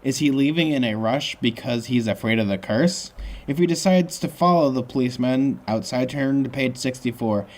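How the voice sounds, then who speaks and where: A man's voice: medium pitch, moderate pace. A man reading a choose-your-own-adventure book aloud as host, breaking off for joking asides. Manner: jokey asides, lively reading.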